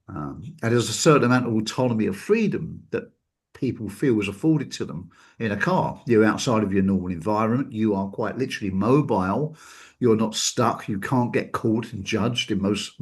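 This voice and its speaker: A man with a lowish voice hosts a reflective talk-show podcast, speaking loosely and conversationally. He uses frequent fillers and chuckles, and acts out the people he quotes.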